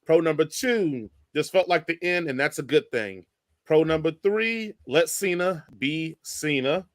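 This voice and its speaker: A man with a fairly high voice hosts a podcast, moving briskly through quick lists of points. The recording is dry and close, with no room sound at all. He keeps the chat casual and upbeat. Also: animated, no room sound. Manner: runs segments with quick lists. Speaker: podcast host.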